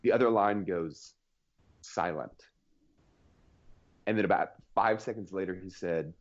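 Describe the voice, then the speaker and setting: A man's voice: sits low, expressive, moderate pace, long pauses, a little mellow, highs cut off. An American man co-hosting a podcast, telling stories in casual chat with wry, dry humor. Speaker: podcast co-host.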